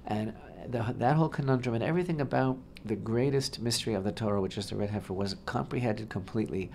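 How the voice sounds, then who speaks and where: A man's voice: lowish voice, quick pace, creaky, a little mellow, slight background noise. A man co-hosting a Torah discussion on talk radio, speaking expansively and emphatically and often repeating his phrases. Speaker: rabbi co-host.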